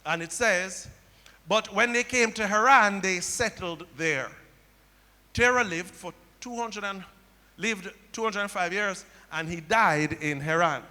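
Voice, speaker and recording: A man's voice: high-pitched, a little slow, pushed and bright. A man preaching a sermon as pastor, telling stories and repeating key phrases back to the congregation. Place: church sanctuary. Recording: long hall reverb.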